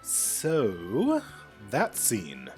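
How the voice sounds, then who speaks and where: A man's voice: mid-range voice, huge pitch swings, extremely slow, darkish tone, soft background music. A man giving casual game commentary, hesitant and full of ums. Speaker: let's play commentator.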